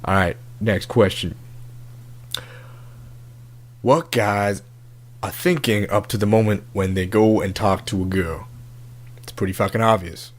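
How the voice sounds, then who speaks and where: A man's voice: on the low side, unhurried, pauses often. A man doing a crude, swaggering love doctor. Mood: brash. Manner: swaggering, profane slang-heavy talk. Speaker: comedy podcast host. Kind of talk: comedic podcast character bit.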